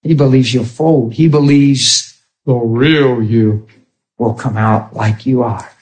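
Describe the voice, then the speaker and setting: A man preaching a sermon, telling a personal testimony in an animated way, swinging from hushed to emphatic. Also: medium pitch, slow pace.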